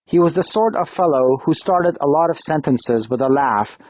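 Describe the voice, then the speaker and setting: Husky male audiobook narrator. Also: fairly high pitch, lively intonation, normal speed, no echo. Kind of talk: scripted narration. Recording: dull, dry lo-fi studio read.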